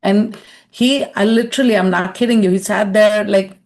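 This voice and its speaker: A woman leadership consultant gives a webinar, telling personal stories in a chatty way and often tagging her sentences with "right?" Her mid-range voice is darkish, with fairly even intonation and a moderate pace.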